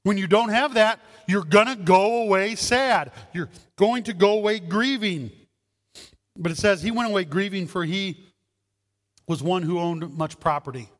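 A man's voice: sits high, moderate pace, big-room sound. A man preaching a sermon as pastor, talking conversationally and asking the congregation rhetorical questions.

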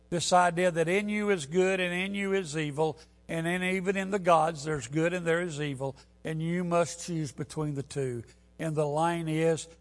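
A man preaching a sermon, telling a story and building to loud, emphatic peaks. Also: high-pitched, vocal fry.

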